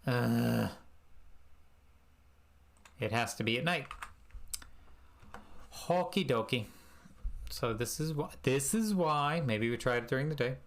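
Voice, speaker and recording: A man's voice: medium pitch, expressive, slow, creaky, long pauses. A man giving casual gameplay commentary as a streamer, self-mocking and muttering his in-game commands aloud. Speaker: speedrunner and streamer.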